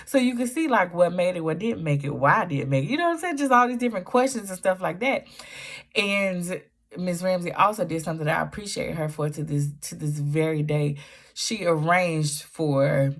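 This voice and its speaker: Low-voiced woman, animated vlog chat. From Southern US. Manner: animated storytelling with Southern Black vernacular. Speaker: book vlogger.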